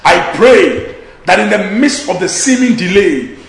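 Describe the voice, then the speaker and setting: A man preaching a sermon, exhorting his listeners and slowing down to draw out the scripture verses. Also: high voice, lively intonation, roomy sound, low-quality recording. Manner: exhorting, slows to a drawl on scripture.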